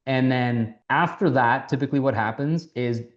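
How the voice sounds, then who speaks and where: Man coaching sales, animated and swearing. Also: mid-range voice, moderate pace, dull audio. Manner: animated, acts out quoted dialogue, swears casually. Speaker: mentor teaching sales. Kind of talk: casual coaching talk.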